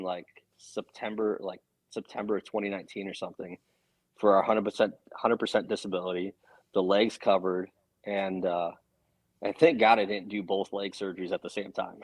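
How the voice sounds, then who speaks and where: A man talking as a podcast guest, telling a story in a casual, earnest and animated way, swearing now and then. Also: lowish voice, low-quality recording.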